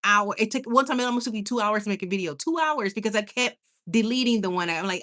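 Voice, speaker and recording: A woman's voice: medium pitch, expressive, fairly quick, a bit bright. A woman hosting a casual livestream late at night, chatting with viewers and reading their comments. She laughs often, stumbles and restarts her sentences, and sounds tired.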